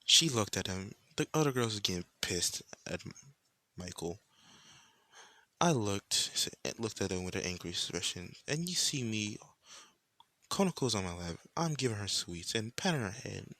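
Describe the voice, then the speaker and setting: A man's voice: fairly low pitch, sing-song, normal speed, pushed and bright, dry recording. A young man improvising a fan-fiction story in a casual, rambling, profane way, full of slang.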